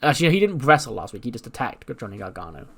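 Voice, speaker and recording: Brief: casual, chatty man narrating a wrestling sim playthrough, middling pitch. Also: big pitch swings, fast, fairly bright tone, breathy edge. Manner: chatty, laughing asides, self-correcting. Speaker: game channel host.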